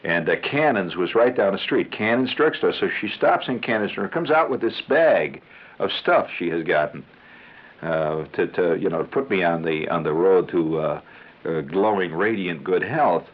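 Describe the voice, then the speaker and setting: Brief: male radio storyteller, low voice, very animated delivery, tinny old broadcast sound. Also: normal speed. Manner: rambling, conversational, chuckling asides. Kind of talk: comic monologue.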